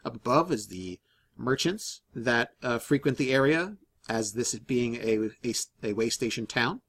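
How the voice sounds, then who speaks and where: Halting male game master narrating. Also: medium pitch, animated, a bit bright. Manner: halting, many fillers and restarts.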